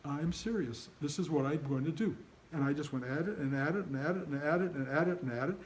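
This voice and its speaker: A man's voice: fairly high pitch, quick pace, a little hiss or hum, low-quality recording. An older man giving an informal spiritual talk to his students, earnest and emphatic, often acting out their inner voices. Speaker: spiritual teacher.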